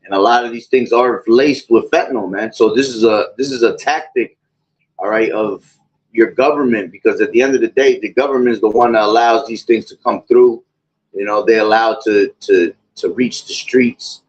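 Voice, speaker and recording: A man's voice: on the low side, moderate pace. A man talking in casual, rambling commentary, full of fillers and repeated asides. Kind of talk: casual chat, preaching-tinged commentary. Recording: dull lo-fi audio.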